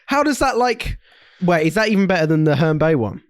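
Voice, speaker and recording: Chatty young guy, higher voice. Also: sing-song, clear, resonant tone. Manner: chatty, quick to agree and interject. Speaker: podcast co-host. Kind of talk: casual banter.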